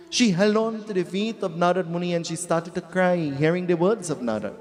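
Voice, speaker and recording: A Trinidadian-accented pundit delivers a folksy, humorous devotional sermon packed with repeated phrases, his fairly high, animated voice moving a little fast with few pauses. The storytelling is repetitive and playful, recorded in an echoey hall with faint music behind him.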